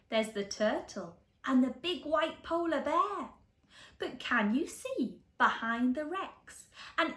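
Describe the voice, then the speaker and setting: A woman preschool teacher reading a picture book aloud to young children, gasping and asking them questions. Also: high voice. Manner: animated, gasps and asks children questions. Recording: echoey room.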